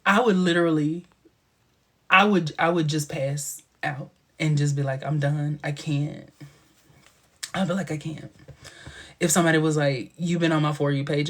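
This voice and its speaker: A man hosting a casual live stream, chatting to viewers in a playful, sassy way with lots of laughter and dramatic asides. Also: a little high. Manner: animated and playful, with frequent laughter.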